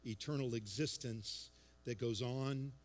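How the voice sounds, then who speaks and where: A man's voice: medium pitch, steady tone, a little slow, darkish tone. A man preaching a sermon as pastor, earnest and emphatic, hammering home repeated phrases. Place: church sanctuary. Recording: long church hall reverb.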